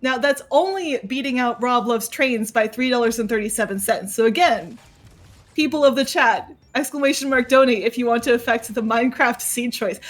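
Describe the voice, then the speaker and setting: A woman's voice: on the high side, normal speed. A woman commentating a charity game stream, upbeat and giggly, talking to the chat.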